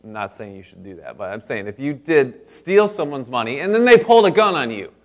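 A man preaches a sermon at an everyday middle pitch. He rises to loud, emphatic lines and then drops to soft, hushed asides. He keeps turning to the congregation with direct questions. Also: big pitch swings, fairly quick. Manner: speaks straight to the congregation with questions. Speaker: pastor.

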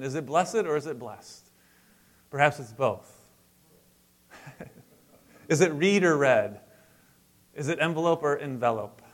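A pastor delivering a conversational sermon in church, mixing scripture reading with casual asides and light humor, rising to emphatic peaks. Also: male voice, mid-range voice.

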